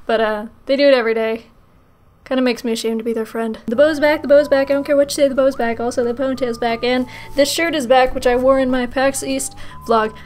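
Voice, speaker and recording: A young woman in casual Q&A vlog talk, playful and self-mocking, her voice a little rough today, talking close to the mic. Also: high voice, level tone, quick pace, a little mellow. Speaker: YouTuber answering fan questions.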